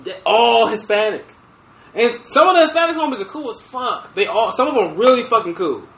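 Podcast host, male, high lively voice, bright edge, animated and profane storyteller, echoey room. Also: fairly quick, gravelly. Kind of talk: casual chat, storytelling. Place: room with fireplace.

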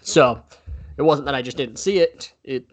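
A man co-hosting a casual sports podcast, chatty and quick to correct himself with apologetic asides. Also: mid-range voice. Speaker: podcast co-host.

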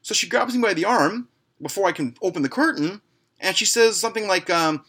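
A man hosting a podcast, telling a story in a casual, crude and heavily profane way, jumping higher and louder when he acts out his own angry lines. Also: animated, brisk, breathy edge. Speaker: podcast host.

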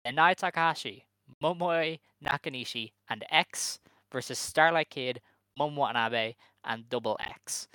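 A man co-hosting a podcast talks through the week in loose, wry, rambling chat, stopping often on fillers. His voice is bright and smooth, and the sound is dry and close. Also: medium pitch, moderate pace, no echo, rough recording. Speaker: podcast co-host.

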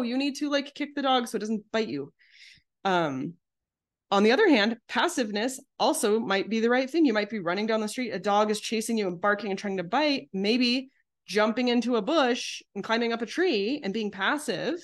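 A woman's voice: mid-range voice, moderate pace. A woman psychotherapist giving a casual teaching talk to camera, chatting conversationally and briefly acting out the voices she quotes.

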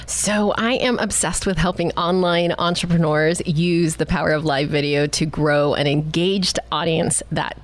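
A woman guest on a business podcast in a studio, talking in a bubbly, quick and upbeat way. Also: low voice, no echo. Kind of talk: conversational interview.

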